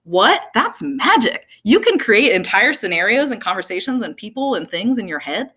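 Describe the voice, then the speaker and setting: A young woman telling a personal story to an audience, animated, laughing often and saying "like" a lot. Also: medium pitch, normal speed, slightly rough. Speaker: speaker.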